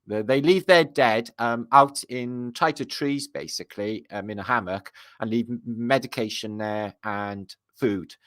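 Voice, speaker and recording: A man reading aloud from an old book and breaking off into rambling, excited asides to his viewers, full of fillers. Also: on the low side. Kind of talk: casual commentary while reading aloud.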